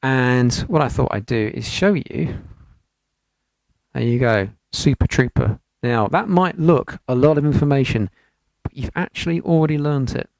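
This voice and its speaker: In a home studio with piano in the background, a man from the United Kingdom gives an online piano lesson at a moderate pace. His voice is medium-pitched, gravelly and darkish, with no echo, as he patiently breaks things down step by step and chants rhythm syllables over the playing.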